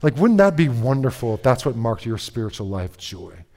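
A man preaching a sermon in a lively, conversational way, reading scripture and breaking into casual asides with frequent "right?" and "okay?". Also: mid-range voice, moderate pace. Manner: reads scripture aloud, then comments in asides. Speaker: pastor.

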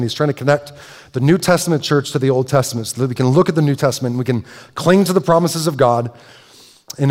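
A man's voice: on the high side, darkish tone. Conversational man preaching in a reverberant hall. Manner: conversational, self-interrupting with repeated words and asides. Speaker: pastor. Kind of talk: sermon. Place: church sanctuary. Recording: long reverb of a large hall.

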